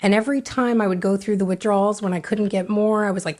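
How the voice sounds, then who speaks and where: A woman's voice: medium pitch, fairly even intonation, fairly quick, few pauses, a little mellow. A middle-aged woman, a podcast guest, telling her recovery story frankly and with feeling, acting out what she said back then. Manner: frank, emotional, re-enacts her own past words.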